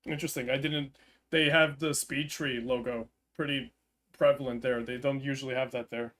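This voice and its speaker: Streamer, man, mid pitch, rambling casual chat at his desk mic. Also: steady tone, moderate pace, fairly bright tone. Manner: chatty, hesitant with many ums and restarts.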